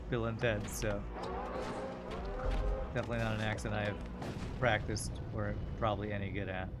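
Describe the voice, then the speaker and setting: A man's voice: lowish voice, little pitch movement, moderate pace, pauses often, loud music behind the voice. Chatty man streaming a game. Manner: chatty, answers viewer questions while playing. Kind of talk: casual gameplay commentary.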